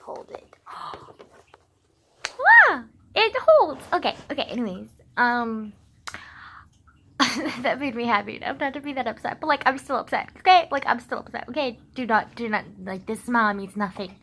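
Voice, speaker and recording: A woman's voice: a little high, moderate pace, a bit bright, a little hiss or hum, poor audio. A young woman ranting casually to camera, heated and sarcastic, swearing often and filling her talk with "like". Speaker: vlogger.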